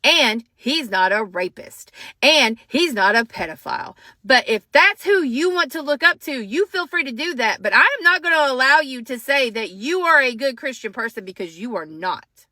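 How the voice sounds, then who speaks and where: A woman's voice: high-pitched, animated, normal speed, bright, forceful tone, no echo. A woman ranting angrily to the camera, upset and shaking, profane and emphatic. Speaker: social media commentator. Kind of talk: angry rant to camera.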